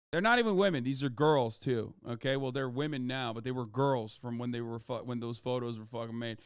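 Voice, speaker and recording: A man's voice: mid-range voice, fairly quick, few pauses, clean tone, dry recording, studio quality. A man streaming live commentary, ranting heatedly and swearing often. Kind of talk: livestream commentary.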